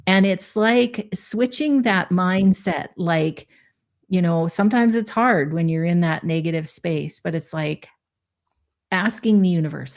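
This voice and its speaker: A woman's voice: on the low side, normal speed, a little mellow. A woman co-hosting a spiritual live stream, giving casual, encouraging advice in a rambling way, full of likes and ums. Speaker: co-host of a spiritual live show.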